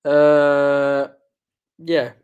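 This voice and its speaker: A man co-hosting a casual football fan chat, measured and plain-spoken, giving his verdicts in short sentences. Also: on the high side, flat delivery, darkish tone, smooth, dull audio. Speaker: fan channel co-host.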